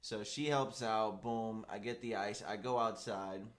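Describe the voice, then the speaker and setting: A man's voice: fairly low pitch, unhurried. A young man co-hosting a podcast, telling a story in casual chat, acting out the people he quotes and leaning on "like" a lot. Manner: animated storyteller, acts out quoted people, heavy "like" fillers. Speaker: podcast co-host.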